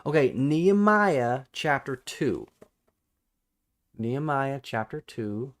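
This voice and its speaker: A man of ordinary pitch hosts a live Bible study stream, talking off the cuff. He stumbles and restarts as he hunts for verses, then reads the passages aloud. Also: very animated. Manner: halting and self-correcting, restarts numbers while looking up verses; reads scripture and viewer chat aloud.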